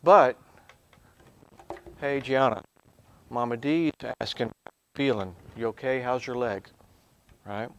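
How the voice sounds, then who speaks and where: Speaking slowly at a medium pitch with long pauses, a man who is a professor teaches a Bible lesson in a lively way. His delivery swings from quiet asides to loud, emphatic bursts.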